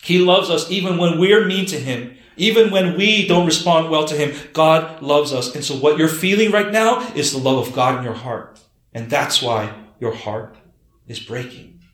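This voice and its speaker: Earnest male pastor with a somewhat high voice, preaching a story-led sermon, roomy sound. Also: animated, normal speed. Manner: earnest, drops to soft low tones for emphasis. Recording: roomy echo.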